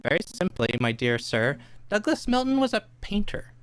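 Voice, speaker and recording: Woman as a shrewd Victorian detective for an amateur radio play; animated delivery, lecturing tone. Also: medium pitch, clean tone, no room sound, natural voice. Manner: brisk, lecturing, amused.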